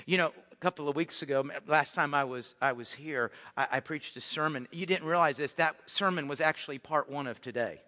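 Man, preacher, high voice, animated sermon, long hall reverb. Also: fairly quick, hardly any pauses. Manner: animated, conversational, repeats words and restarts.

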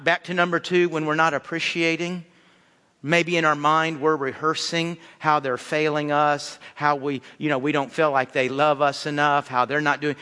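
Bright-voiced man preaching in a reverberant hall. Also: fairly high pitch. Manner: animated, conversational preaching with acted-out asides. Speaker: pastor. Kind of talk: sermon on marriage.

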